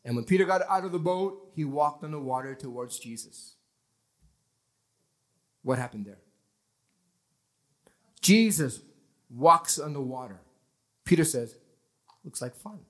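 Animated preacher man. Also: on the high side, unhurried, long pauses. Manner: animated preaching, acting out people straining to believe. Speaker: pastor. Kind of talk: sermon.

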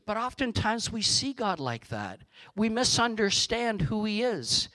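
A man preaching a sermon in a slow, earnest way, sometimes dropping to a soft hush for emphasis. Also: high voice, expressive, low-quality recording.

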